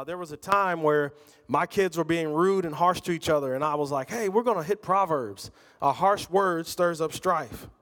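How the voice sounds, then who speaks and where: A man's voice: on the high side, fairly bright tone, in a large hall. A middle-aged man preaching a sermon, talking conversationally and telling personal stories. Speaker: pastor.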